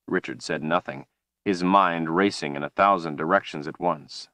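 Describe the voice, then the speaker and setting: Deep-voiced man narrating an audiobook. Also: moderate pace, bright, forceful tone, no echo.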